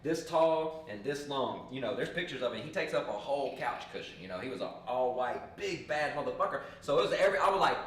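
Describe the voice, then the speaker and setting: A man's voice: mid-range voice, fast talker, hardly any pauses. A man hosting a podcast, telling a profane story in casual chat and acting out the people in it. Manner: animated, profane storyteller who acts out voices. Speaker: podcast host. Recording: echoey room, distant mic, faint hiss.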